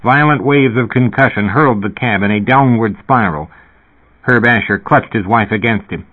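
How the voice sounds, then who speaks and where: A man reading science fiction as an audiobook narrator in a steady, even storytelling manner, over a phone-like narrow sound. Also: medium pitch, moderate pace.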